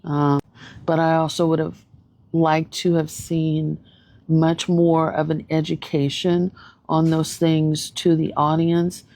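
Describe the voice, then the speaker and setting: A woman's voice: sits low, little pitch movement, slow pace, mellow. A woman therapist giving her casual thoughts on a show, thoughtful and hesitant with many ums and restarts. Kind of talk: casual video commentary.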